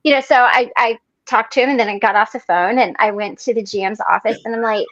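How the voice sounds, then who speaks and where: A woman's voice: fairly high pitch, quick pace, fairly bright tone, dry recording, muffled recording. A woman in an online recovery meeting, telling a story in casual chat and acting out the quotes. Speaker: meeting participant.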